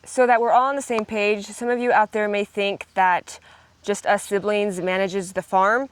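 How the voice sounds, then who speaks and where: Her voice mid-range and level, at a moderate pace, a young U.S. farm vlogger trades playful, giggly small talk with her sibling in a vehicle.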